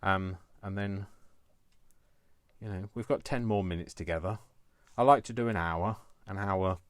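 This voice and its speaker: A man's voice: low voice, measured pace, no room sound. A man in his fifties chatting casually on a live crafting stream from his home kitchen, rambling with playful asides. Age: 50s. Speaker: crafting vlogger.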